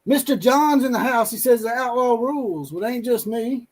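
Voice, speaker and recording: A man's voice: extremely high pitch, moderate pace, darkish tone, low-quality recording. A man hosting a casual sports talk stream, teasing and trash-talking with a laugh. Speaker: show host.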